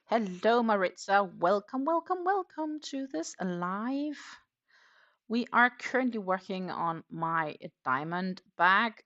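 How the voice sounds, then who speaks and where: A woman hosting a crochet livestream, chatting in a relaxed, rambling way while she works. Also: on the low side, highs cut off. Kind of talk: casual livestream chat.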